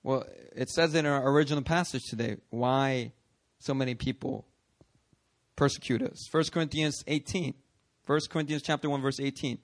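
A man preaching a sermon, animated and conversational, acting out voices in his stories. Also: medium pitch, moderate pace. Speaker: pastor.

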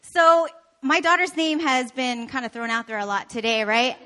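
Woman preacher from Canada, high pitch, animated and laughing at herself in the pulpit. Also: normal speed, clear, resonant tone. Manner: animated, laughing, self-deprecating. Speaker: pastor. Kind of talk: sermon with personal stories.

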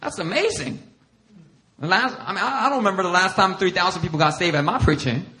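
A man's voice: sits high, fast talker, pushed and bright. A male pastor preaching a sermon, acting out scripture quotes and laughing often as he talks.

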